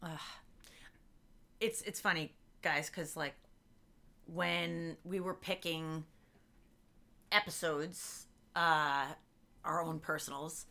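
Low-voiced woman chatting casually. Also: steady tone, takes it slowly, creaky, pauses often, pushed and bright. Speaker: podcast co-host. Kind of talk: casual chat.

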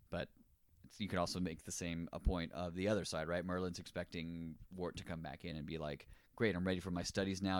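A man's voice: low-pitched, clean tone, no echo, clean studio sound. A man co-hosting a casual chat about a film, laid-back and acting out bits of dialogue. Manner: laid-back, acts out lines in quick voices. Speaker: podcast co-host.

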